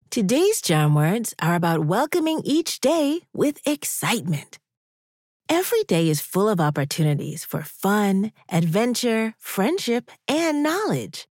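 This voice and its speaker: Slow, sing-song woman guiding kids. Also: medium pitch, no room sound, clean studio sound. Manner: gentle, encouraging, sing-song. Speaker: podcast host leading children's affirmations. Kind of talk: guided breathing and affirmations for kids.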